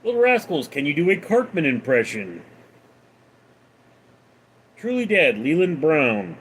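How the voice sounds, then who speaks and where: Slow-talking deadpan man hosting a livestream. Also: a little high, breathy edge. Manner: deadpan, reads names then answers. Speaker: livestream host. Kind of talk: casual livestream chat, reading viewer questions.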